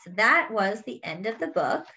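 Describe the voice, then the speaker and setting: A woman reading a picture book aloud to children, expressive and exclaiming over the pictures. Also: mid-range voice, moderate pace, highs cut off. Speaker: children's story reader. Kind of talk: read-aloud storytelling.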